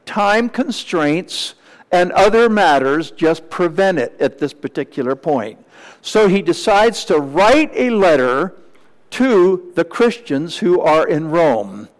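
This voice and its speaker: A male pastor preaching a Sunday morning sermon in a measured, teacherly way, with small asides to the congregation. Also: a little high, very animated, long reverb tail, low-quality recording.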